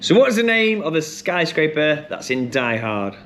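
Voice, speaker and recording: A man hosting a pub quiz, chatty and rambling with many ums and restarts, who reads each question and then repeats it slowly. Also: on the high side, sing-song, a bit bright, a little hiss or hum. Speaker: quiz host.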